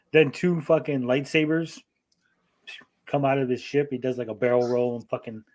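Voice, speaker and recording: Guy on a podcast rambling thru an episode recap, swears a lot, does little voices for everyone, normal middle pitch. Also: a little mellow. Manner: profane, rambling, acts out characters in quick asides. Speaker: podcast co-host.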